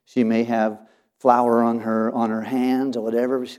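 A middle-aged man who works as a pastor, talking about his counseling work in a relaxed, folksy way. His voice is mellow and warm, at an ordinary pitch. He drifts into homespun sayings and often restarts his sentences. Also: moderate pace, clean tone. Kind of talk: casual talk about counseling.

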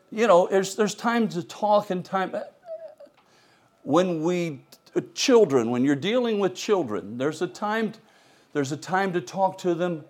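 Middle-aged pastor guy telling stories in a sermon, kinda high voice, gets loud then real quiet. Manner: animated, swings between loud emphasis and quiet asides. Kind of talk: storytelling sermon.

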